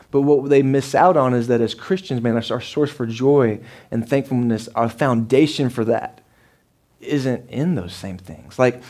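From the pulpit, a pastor in his thirties gives a relaxed, conversational sermon, peppered with asides and quick questions for his congregation. His ordinary mid-pitched male voice has a darkish tone.

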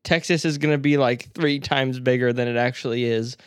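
A man's voice: mid-range voice, fairly even intonation, fairly quick, clear, resonant tone, dry recording, clean studio sound. A man from San Francisco co-hosting a casual movie review podcast, laughing often and teasing, swearing casually. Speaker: podcast co-host.

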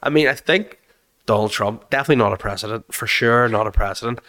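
Brief: man in easygoing podcast banter, jokey and quick to riff. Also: lowish voice, sharp tone. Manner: jokey, riffs with quick impressions. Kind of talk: casual chat.

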